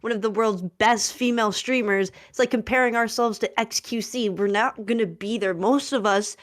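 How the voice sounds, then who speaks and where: A woman's voice: on the high side, moderate pace, dry recording. Casual woman with a dry, close sound. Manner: casual, filler-heavy. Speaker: debate contestant. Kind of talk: casual debate chat.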